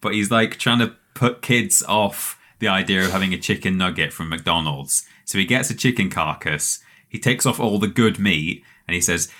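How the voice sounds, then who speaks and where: A man with a very low, deep voice co-hosts a casual podcast. He spins long, rambling anecdotes and breaks into laughter as he goes. The talk is loose, friendly banter among friends. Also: moderate pace, bright, forceful tone. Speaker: podcast co-host.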